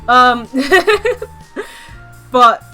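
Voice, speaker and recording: Woman, VTuber streamer, rambly and giggly, casual swearing, bright crisp tone, chatty livestream delivery. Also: high-pitched, lively intonation, drawn-out words, soft background music.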